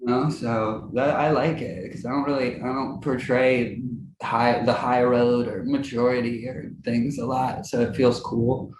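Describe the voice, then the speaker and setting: Guy talking about his songs, loose and chatty, medium voice, roomy sound with faint hum behind. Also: measured pace. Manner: animated, acts out quoted friends in high voices, laughs often. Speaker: musician guest. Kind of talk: casual interview chat.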